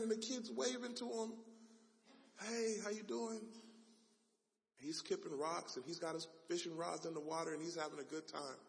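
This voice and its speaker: A man preaching a sermon as a dramatic story, swinging from loud passages to hushed ones. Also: on the high side. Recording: long hall reverb.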